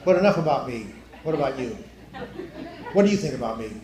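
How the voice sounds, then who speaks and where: A middle-aged man doing stand-up at a church, telling joke stories with deadpan delivery and punchlines that drop low and quiet. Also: fast talker, a loud crowd. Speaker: stand-up comedian. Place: church hall. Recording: echoey hall, faint noise.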